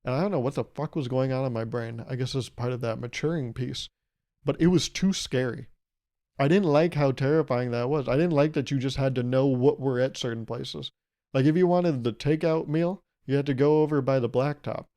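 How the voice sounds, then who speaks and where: A podcast host in his twenties talks solo in a brisk, warm, medium-pitched voice. His casual monologue rambles and jokes along, with plenty of swearing and little acted-out quotes.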